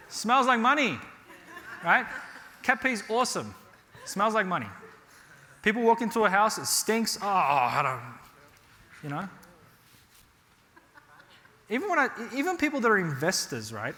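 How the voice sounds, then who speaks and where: A man from Australia giving a real estate workshop to a live audience, telling stories and checking in with "right?". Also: on the high side. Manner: animated storytelling with frequent rhetorical "right?". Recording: hall reverb.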